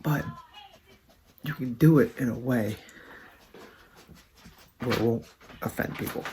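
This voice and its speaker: Earnest man with a gravelly voice. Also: mid-range voice, background noise. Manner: earnest, heartfelt, loose and rambling. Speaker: vlogger. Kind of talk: casual video monologue.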